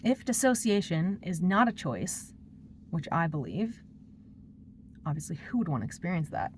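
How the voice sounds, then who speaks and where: A woman's voice: lowish voice, very animated, moderate pace, a little mellow, slight background noise. A woman talking through her personal struggles in a confessional vlog, rambling and emotional as she vents. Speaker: vlogger.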